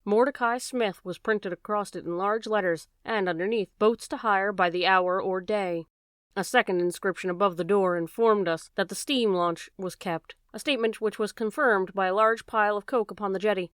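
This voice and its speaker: A woman narrating a classic detective story as an audiobook reader, steady and even. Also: medium pitch, normal speed, dry recording, clean studio sound. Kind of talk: scripted narration.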